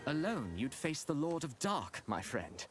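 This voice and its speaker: A gallant, loyal game companion. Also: male voice, a little high, very animated, measured pace, faint music behind. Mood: resolute. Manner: formal, archaic speech. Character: loyal young male companion, gallant and steady.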